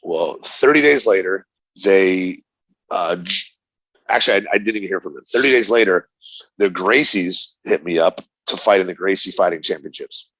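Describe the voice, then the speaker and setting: A middle-aged retired fighter, appearing as an interview guest, tells stories animatedly in a casual storytelling interview, acting out dialogue and laughing often. His voice is low-pitched with a fairly bright tone, and the audio is dull with no echo.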